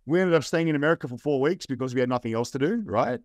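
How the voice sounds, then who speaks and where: An Australian man, a young adult guest, telling lively anecdotes in casual chat, often tagging lines with "right?" and acting out what people said. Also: fairly high pitch, very fast, no room sound, studio quality. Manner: animated anecdotes with "right?" and "I'm like". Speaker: interview guest. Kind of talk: casual storytelling.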